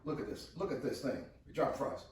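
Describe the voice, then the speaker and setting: A man's voice: medium pitch, animated, quick pace, darkish tone, slight background noise. A man hosting a casual cooking vlog in a home kitchen. He talks in a hyped, chatty way, repeats his catchphrases and calls his viewers cooks. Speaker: cooking vlogger. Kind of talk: casual cooking chat to camera. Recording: echoey room.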